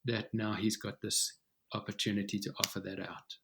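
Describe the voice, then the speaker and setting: A man speaking as a guest author in an interview, talking softly and slowly in a soothing way, with many ums and uhs. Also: lowish voice, level tone, creaky, background noise. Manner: soft, slow and soothing, with many fillers. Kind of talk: calm conversational interview.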